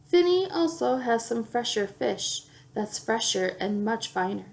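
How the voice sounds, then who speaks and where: Woman reading picture books, playful, animated. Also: fairly high pitch, a little slow, creaky. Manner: playful, acting out sound effects. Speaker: children's book reader.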